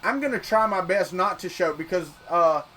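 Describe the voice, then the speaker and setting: High-voiced Southern man chatting on a livestream. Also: lively intonation, normal speed, sharp tone, slight background noise. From Florida, United States. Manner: rambling, repeats words while working. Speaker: 3D printing livestreamer. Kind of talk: casual live-stream chat.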